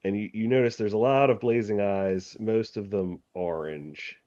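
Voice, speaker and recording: Low-voiced man running a tabletop game. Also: moderate pace, mellow, dry recording, dull audio. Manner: hesitant, many ums and uhs. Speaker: game master.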